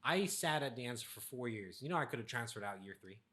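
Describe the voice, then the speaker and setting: A man's voice: medium pitch, lively intonation, fast, bright, forceful tone. A young man co-hosting a casual podcast chat, telling stories about his past and laughing often. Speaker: podcast co-host.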